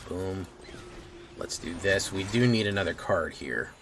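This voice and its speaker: Low voiced guy streaming a card game, mumbling plays, little boom exclamations. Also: noisy background. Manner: mutters plays aloud with quick exclamations. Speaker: gaming streamer. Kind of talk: casual gameplay commentary.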